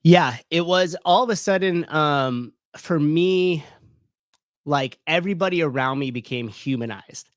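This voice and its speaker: A man's voice: on the high side, unhurried, no room sound, clean studio sound. A man in his thirties, a gym owner, telling a personal story in a loose, candid way, full of fillers and swearing. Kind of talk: casual storytelling.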